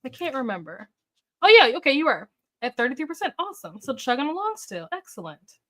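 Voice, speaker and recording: A woman's voice: high voice, big pitch swings, a little fast, pushed and bright. A woman hosting a casual book livestream, chatting with viewers, reacting to their comments with upbeat oohs and okays and thinking aloud with fillers. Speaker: booktube livestream host. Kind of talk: casual live chat with viewers.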